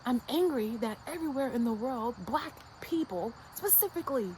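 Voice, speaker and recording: A fired-up American woman vlogging straight to camera, her voice sitting a touch high. She talks bluntly in slang and drives her points home through repetition. Faint background noise hums behind her. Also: animated, moderate pace, a little mellow, rough recording. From United States. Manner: fired-up and insistent. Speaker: YouTube creator. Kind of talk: casual motivational rant to camera.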